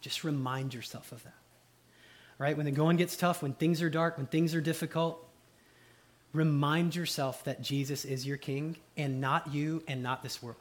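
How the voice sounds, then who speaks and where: A man's voice: a little high, steady tone, normal speed. A man preaching a sermon to a congregation in a room, repeating rhetorical questions with rising intensity, then leading a closing prayer. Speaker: pastor.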